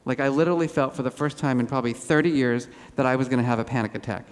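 A man giving a lively conference keynote, telling animated self-deprecating stories on stage. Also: mid-range voice, racing. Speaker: keynote speaker. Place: large auditorium. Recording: hall reverb.

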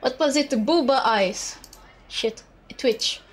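Excitable high-voiced woman streaming a game. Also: slow, a little hiss or hum. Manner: excitable, swears and laughs often. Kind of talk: casual gaming stream commentary. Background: game music.

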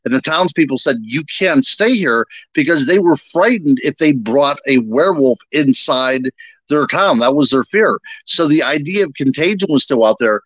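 A man, an author and paranormal investigator, explaining things in a measured, agreeable way during a casual interview. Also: on the high side, animated, fairly bright tone, no room sound, highs cut off.

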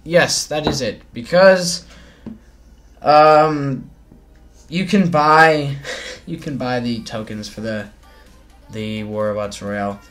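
Bright-voiced playful man commentating gameplay. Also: mid-range voice, slow, pauses often, faint music behind. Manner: playful, chatty, talks to himself and to opponents. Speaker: mobile game channel host.

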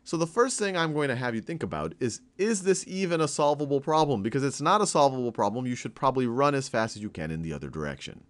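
A man's voice: mid-range voice, big pitch swings, fast, few pauses. A man teaching algebra in a casual, conversational way, narrating a whimsical story problem. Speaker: math teacher. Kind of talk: casual explanatory math lesson.

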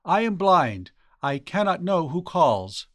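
Man doing a timid blind musician, voice pushed higher, respectful and nervous, dry sound. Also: big pitch swings, slow, a bit bright, no room sound, heavily acted. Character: frightened blind male biwa player. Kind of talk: audiobook character reading.

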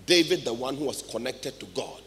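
Ghanaian preacher guy, bright edgy voice, goes loud then hushed, echoey church hall. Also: mid-range voice, fairly quick. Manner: animated preaching that swings between loud and hushed. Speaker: pastor. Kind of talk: sermon. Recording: live church recording with long reverb.

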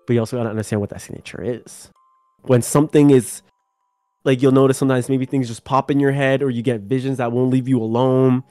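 A young man hosting a casual spiritual chat, talking in a relaxed, rambling way and swearing now and then. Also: mid-range voice, fast talker, dry recording, soft background music. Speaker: channel host.

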